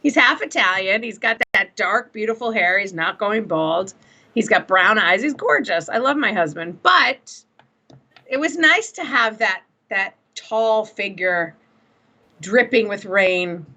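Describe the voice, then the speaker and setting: A middle-aged woman, a guest on a podcast, chatting casually and telling animated stories with frequent laughs. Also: medium pitch, measured pace. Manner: animated storyteller, laughs often.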